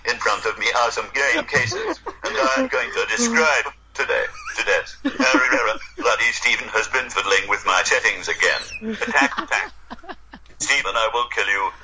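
A man's voice: medium pitch, huge pitch swings, normal speed, vocal fry, background noise. A man voicing a pompous, bitter younger brother of a famous scientist who acts as guest host, boastful and petty, with mock glitches in his speech. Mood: huffy. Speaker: guest host of a podcast game. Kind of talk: comedy sketch role-play.

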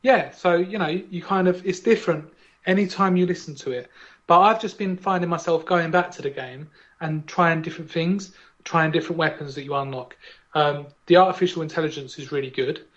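A man's voice: fairly high pitch, a little fast, fairly bright tone, lo-fi sound. A man co-hosting a podcast, rambling and joking in casual chat. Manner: rambling, digressive and jokey. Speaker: podcast co-host.

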